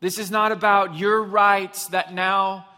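A man's voice: high-pitched, level tone, takes it slowly, bright, forceful tone. A man preaching a sermon, telling a story with humor and then driving his points home with emphasis. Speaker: pastor. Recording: long hall reverb.

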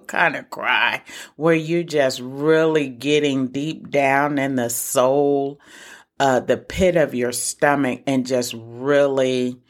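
A middle-aged woman hosting a casual solo podcast, talking earnestly and encouragingly straight to her listeners. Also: very deep voice. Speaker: podcast host for single moms.

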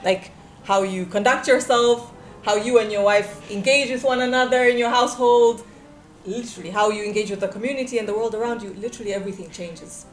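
Calm woman explaining, echoey room. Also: medium pitch, a little fast, faint music behind. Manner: calm and explanatory, mixes in Swahili. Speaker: guest practitioner. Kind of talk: casual chat.

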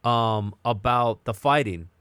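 Animated, excitable podcast host man. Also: mid-range voice, slow pace, clear, resonant tone, no room sound. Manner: animated, excitable, emphatic tangents. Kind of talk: casual chat.

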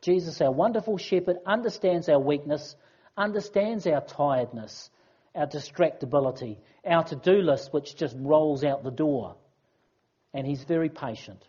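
A preacher giving a conversational, expressive sermon and reading scripture aloud. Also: mid-range voice, normal speed, husky, lo-fi sound.

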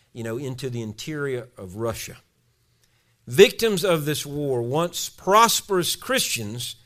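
Man, pastor, sermon, storytelling delivery, spoken prayer, slightly high voice.

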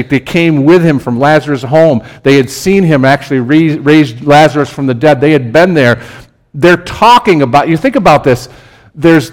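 A man preaching a conversational sermon as pastor, his delivery lively and building to emphatic peaks. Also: on the high side.

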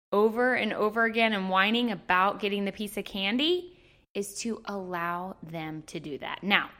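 A woman coaching in a casual, chatty way, playful and quick to laugh as she explains. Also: mid-range voice, a bit bright. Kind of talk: casual teaching to camera.

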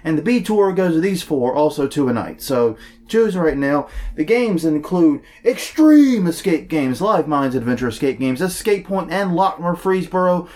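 Speaking at normal speed in a voice on the high side, this New Orleans co-host jokes his way through event listings. He stays animated and self-deprecating in the casual podcast chat.

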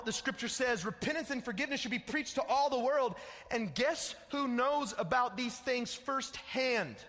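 A man's voice: very high voice, pushed and bright. A young man preaching a sermon in a casual, slangy way, calling listeners dude and bro. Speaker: pastor. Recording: echoey hall with long reverb.

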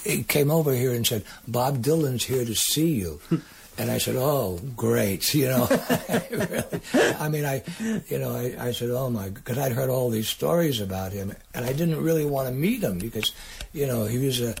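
An older man, a singer-songwriter guest, telling rambling, halting stories in a casual interview. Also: medium pitch, animated, slight background noise. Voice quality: raspy, gravelly.

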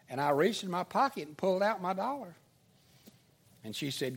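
An older man preaching, telling a folksy childhood story in an animated storytelling sermon style. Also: on the high side, a little fast, slightly rough.

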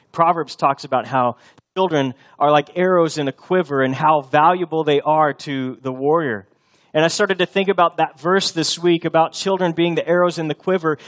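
A man in his thirties preaching a sermon as a pastor, telling family stories in a conversational way. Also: a little high. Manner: storytelling, conversational with the congregation.

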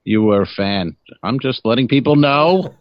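A man's voice: mid-range voice, animated, normal speed. A man co-hosting a comedy podcast over a video call, teasing and wry in casual banter. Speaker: podcast co-host. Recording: dry, dull lo-fi sound.

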